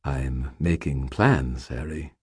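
A man voicing a calm, sinister male guardian and dark wizard who speaks in a steady, quiet, unhurried way. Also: a bass voice, slightly rough, dry recording, clean studio sound, full character voice. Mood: cold calm.

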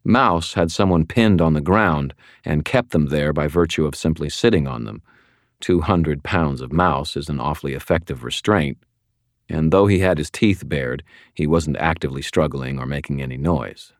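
A man reading a first-person story aloud as an audiobook narrator, in a measured, steady way. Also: extremely low pitch, no echo, studio quality. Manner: measured, steady storytelling with sudden shouted outbursts.

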